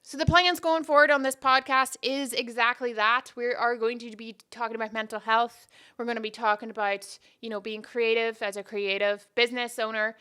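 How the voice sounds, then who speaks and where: A woman hosts her own podcast, chatting casually and wandering onto self-deprecating tangents in solo talk. Her fairly high voice is steady, pushed and bright, and clean, at a moderate pace.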